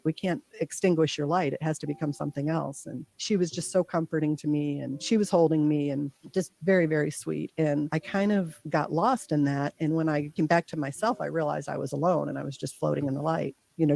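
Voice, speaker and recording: A woman guest earnestly recounting a deeply personal experience, acting out her own thoughts in quotes. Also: vocal fry, warm tone. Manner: earnest, heartfelt. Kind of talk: personal storytelling.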